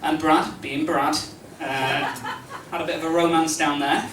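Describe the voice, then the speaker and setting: A stand-up comedian rambles through his set in a fairly high voice, tripping over restarts and dropping deadpan asides. He is caught from a distance in an echoey club, with noise hanging behind him. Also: a little slow. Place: comedy club stage with a live audience. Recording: roomy live club recording from a distance, noisy.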